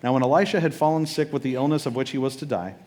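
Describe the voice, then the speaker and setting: A man's voice: medium pitch, racing, darkish tone. A male pastor preaching a sermon, retelling scripture casually with jokes and acted-out quotes.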